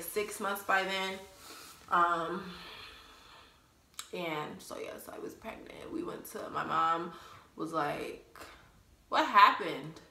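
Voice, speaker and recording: Blunt young woman telling a story, bright voice. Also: medium pitch, a little hiss or hum. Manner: blunt, laughing, cussing freely. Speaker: vlogger. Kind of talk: casual storytime, profane. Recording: roomy echo.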